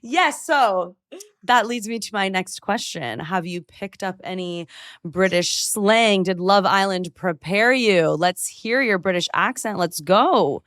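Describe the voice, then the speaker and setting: A woman's voice: medium pitch, slow pace, fairly bright tone, dry recording, studio quality. A woman co-hosting a casual podcast, playful and teasing, laughing a lot and joking with borrowed British slang. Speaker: podcast co-host.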